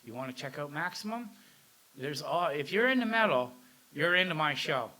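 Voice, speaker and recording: A man with a bright, forceful voice, chatting as a guest on a casual podcast. He talks eagerly, stumbling through restarts as his thoughts pile up. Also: a little high, expressive, moderate pace. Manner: chatty, lots of fillers and restarts. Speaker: podcast guest, metal radio host. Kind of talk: casual chat.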